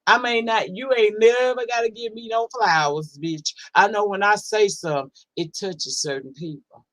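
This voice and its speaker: A woman hosts a laid-back livestream, reading chat comments out in a blunt, profane, sassy manner and drawling words to stress them. Her voice is mid-range, she speaks at a normal speed, and there is no room sound.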